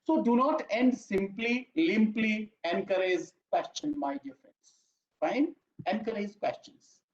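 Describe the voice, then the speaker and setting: An emphatic lecturer keeps repeating key points and calling listeners "my dear friends." The voice sits at a middle pitch. It comes through a dull, lo-fi recording with a roomy echo. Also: lively intonation, slow. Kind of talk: online training lecture. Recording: echoey room, dull lo-fi audio.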